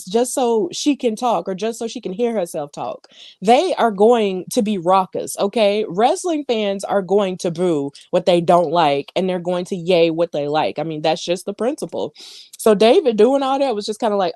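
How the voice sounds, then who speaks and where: A woman at mid pitch co-hosts a wrestling recap podcast. She talks in a loose, chatty way, full of fillers and asides. Her close mic sounds dry, with no room around it. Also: animated, moderate pace, a little mellow, no echo. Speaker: podcast co-host. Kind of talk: casual wrestling recap chat.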